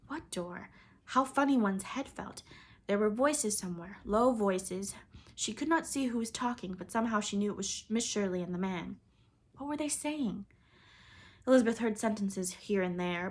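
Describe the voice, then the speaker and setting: A woman narrating a classic children's novel in an even, expressive storybook reading. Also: mid-range voice. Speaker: audiobook reader.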